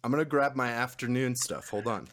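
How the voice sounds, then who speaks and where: A man's voice: medium pitch, a little fast, fairly bright tone. A young man chatting casually as a podcast co-host, rambling, swearing freely and laughing often. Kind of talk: casual chat.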